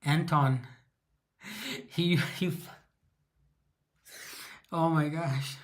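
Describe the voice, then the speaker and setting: A man's voice: a little high, steady tone, drawn-out words. A man from California hosting a casual livestream, rambling with many fillers as he reacts to viewer comments. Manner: rambling, many fillers, reads chat aloud. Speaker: livestream host.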